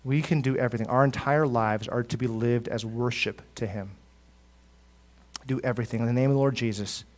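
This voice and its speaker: Preaching at a brisk clip with a steady tone, a male pastor builds to loud, emphatic peaks and then drops into soft, low asides. Repeated words run throughout his delivery.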